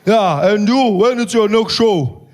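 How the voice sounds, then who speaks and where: A man doing a booming, drawling politician. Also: animated, a little mellow, slight background noise. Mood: swaggering. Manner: drawn-out, booming, teasing. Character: slow swaggering male politician, middle-aged, teasing. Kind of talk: stand-up impression.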